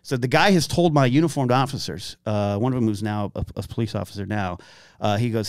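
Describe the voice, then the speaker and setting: A man telling long stories in casual chat, acting out shouted quotes as he goes. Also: on the low side, brisk, no room sound, studio quality. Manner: animated storyteller, acts out shouted quotes. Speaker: podcast guest. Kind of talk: casual storytelling.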